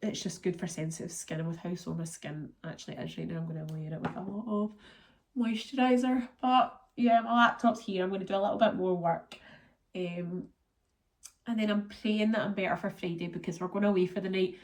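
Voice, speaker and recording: A woman's voice: mid-range voice, fairly even intonation, brisk. A Scottish woman vlogging in a casual, rambling chat, sounding congested and run down from being ill. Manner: chatty, rambling, lots of fillers.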